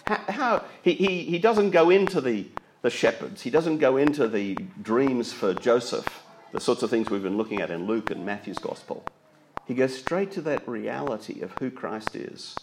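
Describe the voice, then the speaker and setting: A man's voice: medium pitch, animated, moderate pace, background noise. A man preaching a sermon, reading scripture aloud and explaining it.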